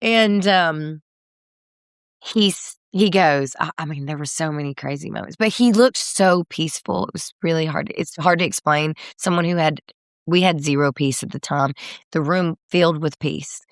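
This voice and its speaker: A woman in her thirties talks through a personal story in an interview, pausing on fillers and laughing softly. Her voice sits a little low. The sound is dry and close to the mic. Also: no room sound. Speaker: guest, country singer. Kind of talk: candid podcast interview.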